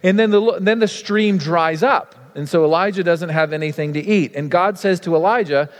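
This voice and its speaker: A male pastor preaching a sermon in a casual, animated way, full of fillers. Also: high-pitched, normal speed, hardly any pauses, long reverb tail.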